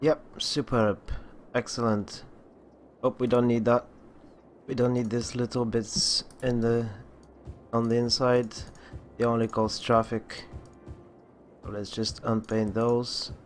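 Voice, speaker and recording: A man with a groggy morning voice giving casual commentary as he plays a city-building game, talking at an unhurried pace and often restarting his sentences. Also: mid-range voice, flat delivery, faint music behind. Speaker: gaming channel host.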